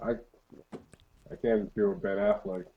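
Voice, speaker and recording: Male podcast co-host, animated delivery, muffled audio, loose and joking. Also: fairly low pitch, unhurried, gravelly. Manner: laughs a lot, swears freely, joking. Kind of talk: casual chat.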